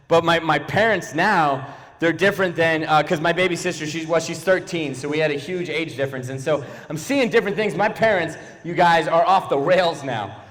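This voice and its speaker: A young man performing a playful, animated stand-up comedy set to a live audience in a church auditorium. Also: on the high side, moderate pace, in a large hall.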